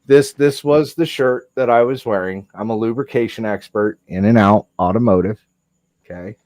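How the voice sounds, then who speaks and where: A man's voice: lowish voice, normal speed, no echo. A man hosting a stream, telling a funny story in a casual way and swearing often. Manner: animated, swears a lot, acts out quotes. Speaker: livestream host.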